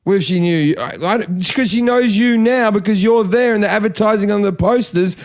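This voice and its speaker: A comedian telling rowdy stories on a podcast, animated and swearing freely. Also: male voice, high-pitched, brisk. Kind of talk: casual podcast chat.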